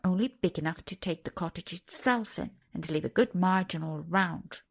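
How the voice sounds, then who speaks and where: A woman's voice: on the low side, normal speed, creaky. A woman doing a sulky, blunt miner boy.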